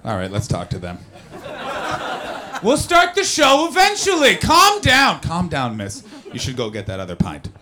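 A man's voice: mid-range voice, huge pitch swings, normal speed, pushed and bright. A man doing stand-up crowd work on a comedy club stage. He is brash and profane, and he teases audience members. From not from the UK.

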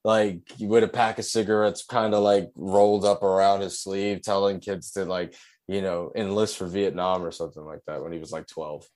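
A man with a fairly low voice co-hosts a casual podcast. He is easygoing and teasing, and his talk is loose and full of fillers. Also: little pitch movement, normal speed, darkish tone. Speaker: podcast co-host.

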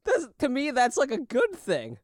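A man co-hosting a podcast in casual chat, joking and swearing, often breaking into shouted bits. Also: extremely high pitch, wildly swooping pitch, normal speed, no room sound, clean studio sound. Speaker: podcast co-host.

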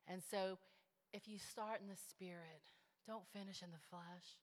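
A woman pastor preaching a sermon in a large church. She swings from hushed, intimate asides to rising, building exhortation. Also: medium pitch, fairly even intonation, a little slow. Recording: long church hall reverb.

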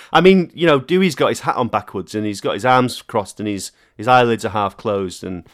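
Laughing, animated male podcast host. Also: fairly low pitch, normal speed. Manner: animated, laughs often, jokey asides. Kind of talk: casual chat.

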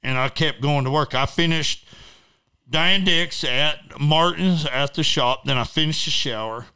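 A man's voice: a little high, unhurried, sharp tone, smooth. A middle-aged man, an interview guest, telling a personal story casually in a blunt, profane, rambling way.

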